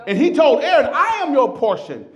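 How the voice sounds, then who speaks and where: Guy preaching loud, repeats himself a lot, voice swings way up and down. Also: very high voice, normal speed. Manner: animated, shouting scripture with repetitions. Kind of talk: sermon.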